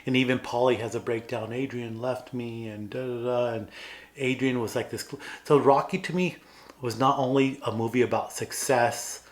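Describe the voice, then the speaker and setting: A man's voice: mid-range voice, steady tone, normal speed. A man co-hosting a podcast in casual chat, earnestly retelling film scenes and acting out the characters' lines. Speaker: podcast co-host.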